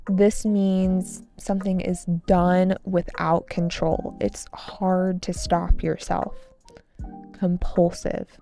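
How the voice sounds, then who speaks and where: A woman telling a story as an English lesson, slowly repeating and explaining vocabulary words for pronunciation. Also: lowish voice, creaky, mellow. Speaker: English teacher.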